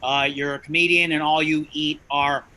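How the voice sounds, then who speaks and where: A man co-hosting a comedy show, doing a rambling, self-mocking stand-up bit in a shrill, nasal voice. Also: little pitch movement, moderate pace, bright, forceful tone, rough recording. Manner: rambling, self-mocking jokes addressed to "you guys". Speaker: comedy co-host.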